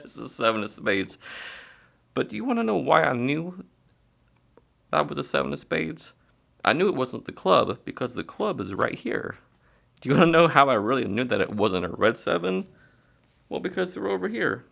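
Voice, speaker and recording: Low crackly guy walking thru a card trick, laid back and chatty, kinda sharp tone. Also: normal speed, vocal fry. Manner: relaxed and chatty, with fillers and small laughs. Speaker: magician teaching a card trick. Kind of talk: casual tutorial explanation.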